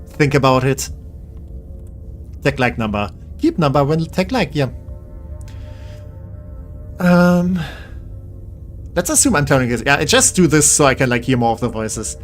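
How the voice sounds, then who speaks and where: A man's voice: medium pitch, expressive, unhurried, long pauses, faint music behind. A man live-streaming a game, tired and rambling as he jokes with his chat in a self-deprecating way.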